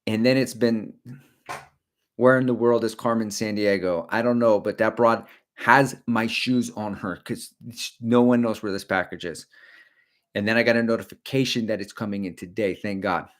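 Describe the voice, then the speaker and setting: Brief: middle-aged male host, casual rambling livestream chat, slightly low pitch, jokey asides. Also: fairly even intonation, normal speed. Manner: rambling, jokey, talks to viewers; slips briefly into silly character voices. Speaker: running channel host.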